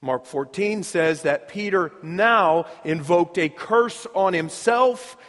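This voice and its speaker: A male pastor preaching a sermon to his congregation, telling the story dramatically and moving between loud emphasis and near-hushed asides. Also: high voice, takes it slowly. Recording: reverberant hall.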